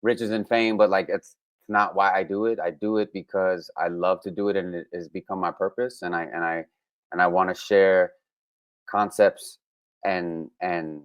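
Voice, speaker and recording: A young musician from Brooklyn talks. His voice sits on the low side and sounds smooth and resonant. The recording is dry and close. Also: normal speed, dry recording. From Brooklyn, New York. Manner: relaxed, with frequent fillers and restarts. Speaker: musician guest. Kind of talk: casual interview.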